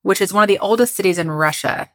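A woman co-hosting a podcast talks at a quick pace in a medium-pitched voice. She tells a history story casually, laughing often and making jokes about the way she pronounces words.

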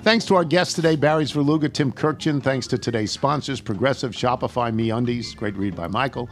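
A man's voice: medium pitch, fairly quick. Older man hosting a chatty radio show. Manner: rambling, chuckling, reads listener emails aloud. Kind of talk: casual radio chat.

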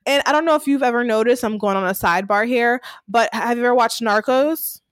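A woman's voice: a little high, dry recording, clean studio sound. Chatty woman co-hosting a TV recap. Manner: animated, acts out scenes in quick voices, laughs often. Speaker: podcast co-host. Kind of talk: casual TV recap chat.

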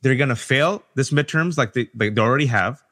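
An impassioned man making his case on a podcast panel. He talks in fast, emphatic bursts with an animated delivery and slips into voices to mimic people. His pitch sits in a middle range. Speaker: panel guest. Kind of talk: impassioned political podcast discussion.

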